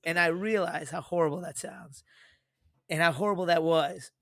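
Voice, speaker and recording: A man in his thirties co-hosting a podcast, telling stories in a rambling, animated way with lots of fillers. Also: fairly high pitch, moderate pace, gravelly, no room sound. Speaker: podcast co-host. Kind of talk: casual podcast chat.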